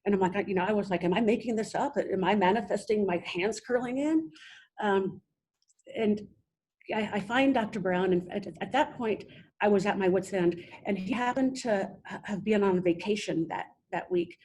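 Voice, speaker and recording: A young adult woman, a podcast guest, telling her own story in a halting way with many restarts. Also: mid-range voice, darkish tone, a little hiss or hum. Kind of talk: personal storytelling interview.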